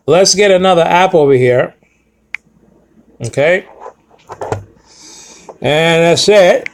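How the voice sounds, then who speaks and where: A man's voice: a little high, slow pace. Emphatic man teaching Bible Greek. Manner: emphatic, repeats words, frequent "okay?" check-ins. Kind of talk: screen-shared Bible lesson with Greek text.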